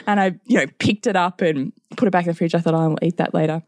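A woman's voice: on the low side, fairly even intonation, fast talker, no room sound, clean studio sound. A middle-aged woman, co-hosting a casual podcast and animatedly telling a story, acting out quotes and laughing often. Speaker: podcast co-host.

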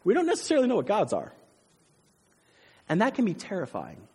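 A man preaching a sermon as pastor, animated, swinging between loud emphasis and hushed intensity. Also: high voice, a little fast, husky. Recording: long hall reverb.

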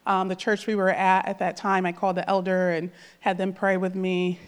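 A woman's voice: on the low side, little pitch movement, normal speed, clear, resonant tone. A woman in her thirties giving an emotional, earnest personal testimony at church, speaking from the heart with many fillers. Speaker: church member sharing a testimony.

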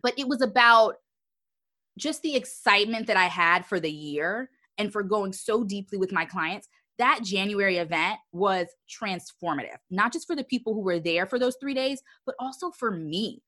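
A woman in her thirties, an entrepreneur guest on a podcast interview, telling her story in an expressive, animated way. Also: medium pitch, normal speed.

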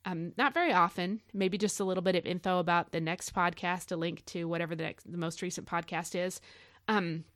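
A middle-aged woman hosting a devotional podcast, chatting casually and telling a story in an animated way with many fillers. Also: fairly low pitch, fairly quick, no echo, clean studio sound. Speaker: podcast host.

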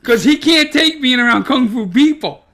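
A Kung Fu teacher hosts a casual podcast chat, telling stories with plenty of swearing and frequent laughter in an animated way. His voice is very high-pitched and moves at a moderate pace.

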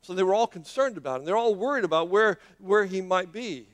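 Male preacher, high voice, dramatic storytelling sermon, halting delivery with repeats and fillers. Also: expressive. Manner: dramatic, with many hesitations and repeated words.

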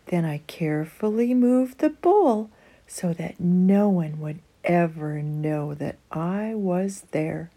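Reading a picture book for children, this woman sounds slightly rough and sits on the lower side of the range, and she performs the story with expressive flair.

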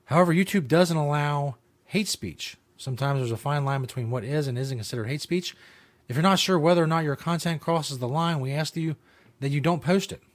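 A man hosting his own talk show, rambling casually with lots of fillers, restarts and swearing. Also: fairly high pitch. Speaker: show host. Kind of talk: casual podcast monologue.

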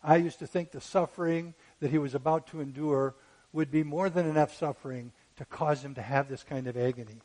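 Impassioned preacher man, pitched high. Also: fairly even intonation, rough recording. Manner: builds to loud impassioned peaks when quoting scripture; asks rapid rhetorical questions. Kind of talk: sermon.

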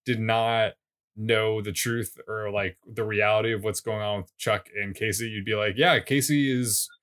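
Low-voiced man recapping with dry teasing. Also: little pitch movement, normal speed, a bit bright. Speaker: podcast co-host. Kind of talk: casual recap chat.

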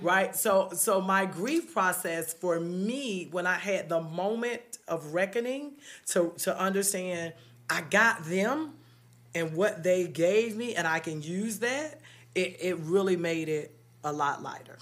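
A middle-aged woman talks in a relaxed, faith-filled chat with friends. She tells her story earnestly, trailing off and starting again as she goes. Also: fairly low pitch, measured pace. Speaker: podcast co-host. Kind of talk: casual faith-based conversation.

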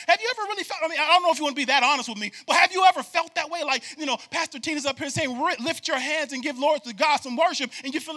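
A man preaching a sermon, moving from quiet talk to shouted, repetitive calls to the congregation. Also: very high-pitched, rapid-fire, few pauses. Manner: builds from quiet to shouting, repeats words.

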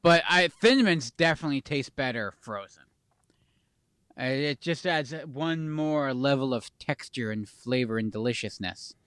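A man's voice: mid-range voice, unhurried, a bit bright, clean tone, no echo, clean studio sound. A young adult man co-hosting a casual chat show, rambling, swearing casually and losing his train of thought. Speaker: podcast co-host.

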